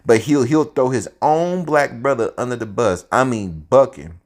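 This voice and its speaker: A man tells a story from his own life in a loose, conversational way. He is animated and profane, and he talks straight to the listener. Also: medium pitch, moderate pace. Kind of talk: casual spoken storytelling.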